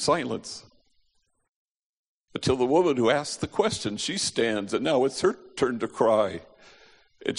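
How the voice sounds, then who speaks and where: A man with a gravelly, fry-edged voice delivers a storytelling sermon from a hall where long reverb trails each phrase. He voices the people in his story himself and slows right down on the lines that matter. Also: mid-range voice, animated. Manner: slows to a near hush on key phrases, acts out quoted voices. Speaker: preacher.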